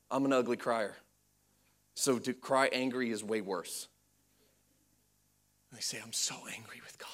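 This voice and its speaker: A man preaching a sermon to a congregation, moving between loud fervent preaching and hushed storytelling, with playful asides. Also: medium pitch. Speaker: pastor. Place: church before a congregation.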